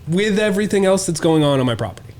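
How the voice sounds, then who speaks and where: A man's voice: high-pitched, expressive, fast talker, a little mellow. A man co-hosting a podcast, telling a wild story in casual, profane chat and acting out the quotes. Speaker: podcast co-host.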